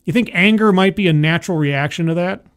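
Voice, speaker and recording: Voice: medium pitch, fast. A streamer doing sarcastic, exasperated commentary on a video during a live stream.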